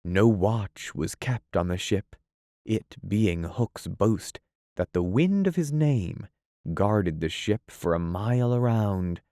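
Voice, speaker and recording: A man narrating a classic novel as an audiobook, in a measured storytelling manner. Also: fairly low pitch, lively intonation, dark tone, dry recording, clean studio sound. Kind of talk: scripted narration.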